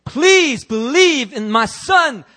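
A man's voice: animated, sharp tone, heavily acted. A man preaching puts on a meek, pleading voice for a God who begs people to believe. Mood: begging. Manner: slow, high, imploring. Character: meek, pleading male God begging sinners.

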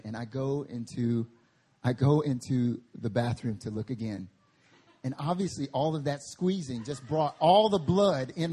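A male pastor preaching a sermon at a church service, telling animated stories and laughing through them. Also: on the high side, breathy edge.

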